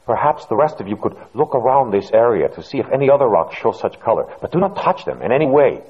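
Eager young woman scientist, commanding and tense, voiced by a man, high and animated. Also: fast talker, breathy edge, dull audio. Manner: urgent, commanding. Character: excited, fierce young woman scientist on Mars.

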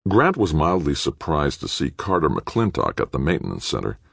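A man's voice: rumbling low, huge pitch swings, moderate pace, vocal fry, a bit bright, no echo. A man reading a novel aloud as an audiobook narrator. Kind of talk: scripted narration.

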